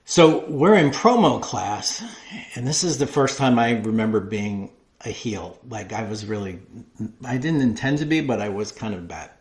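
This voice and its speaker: A man, a wrestling promo class coach, telling stories in an interview, animated and full of restarts. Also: lowish voice, normal speed. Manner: animated storyteller with many restarts. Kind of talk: storytelling interview.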